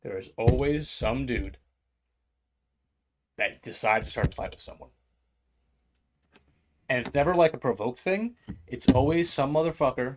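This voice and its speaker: A man's voice: medium pitch, normal speed, pauses often, background noise. A man from New York co-hosting a podcast, telling profane, ranting anecdotes and acting out the quotes. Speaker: podcast co-host. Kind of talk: casual chat, storytelling.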